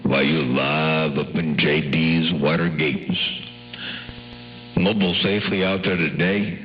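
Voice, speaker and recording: A man's voice: a bass voice, fairly even intonation, a little slow, muffled recording, faint music behind. A man on the CB radio, chatting in a folksy, drawling way full of radio lingo. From US West Coast. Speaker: CB radio operator. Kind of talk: casual CB radio chat.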